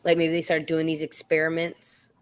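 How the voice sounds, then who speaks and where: A woman's voice: sits low, completely flat delivery, moderate pace, clear, resonant tone. A woman co-hosting a casual live after-show chat, talking loosely with lots of fillers and restarts. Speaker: co-host.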